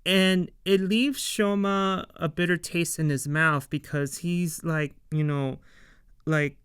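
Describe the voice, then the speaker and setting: Slow, smooth-voiced man rambling through a recap. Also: on the high side, dry recording, clean studio sound. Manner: rambling, filler-heavy, animated retelling. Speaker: show reviewer. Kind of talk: casual recap and commentary.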